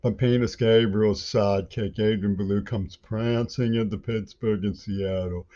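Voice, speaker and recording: Low dark-voiced man ranting. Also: steady tone, normal speed, hardly any pauses. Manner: angry, rambling, stumbling restarts. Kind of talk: ranting monologue. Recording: dull lo-fi audio.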